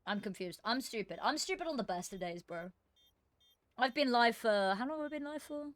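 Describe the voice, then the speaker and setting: A woman's voice: on the high side, lively intonation, a little fast, no echo. A woman casting an esports qualifier on a live stream, chatting casually and rambling with fillers and self-deprecating asides.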